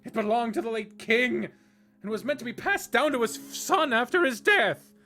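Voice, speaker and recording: A man voicing a shrill, furious middle-aged woman bishop scolding her daughter. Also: lively intonation, measured pace, faint music behind. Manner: scolding, shouting.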